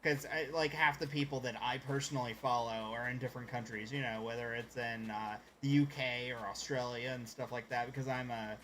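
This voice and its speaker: A man's voice: mid-range voice, fairly bright tone. A man chatting casually on a live stream while gaming, rambling and greeting viewers by name.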